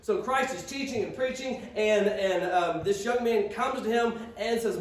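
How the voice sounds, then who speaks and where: High-voiced male pastor, casual sermon delivery with restarts; off-mic in a reverberant room. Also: normal speed, hardly any pauses, a little mellow, recorded from a distance. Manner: conversational, stammering restarts, acts out quotes. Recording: roomy sound from off-mic.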